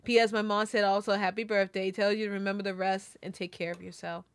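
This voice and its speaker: A woman's voice: mid-range voice, little pitch movement, fast, slight background noise. A woman streamer reading birthday messages aloud, emotional and tearful, laughing between lines. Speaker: VTuber streamer.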